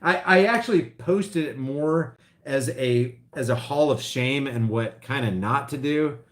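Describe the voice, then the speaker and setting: A middle-aged man from Oklahoma, rambling and restarting as he reads live chat on his livestream, his voice swinging between loud and quiet. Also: mid-range voice, measured pace. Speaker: vlogger reading live chat.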